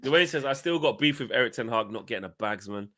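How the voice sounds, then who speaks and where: A man with a bright, forward tone co-hosts a loose football fan chat. He reads viewers' comments aloud and trades banter, laughing often and swearing when he is riled up. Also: medium pitch, animated, fast. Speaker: co-host reading super chats.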